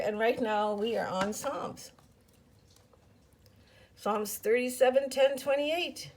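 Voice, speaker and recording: A woman's voice: fairly high pitch, slow, pauses often, a little hiss or hum, poor audio. A woman delivering a fervent, profane video rant that turns into preaching, repeating her calls over and over. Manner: fervent, profane, repetitive exhortations.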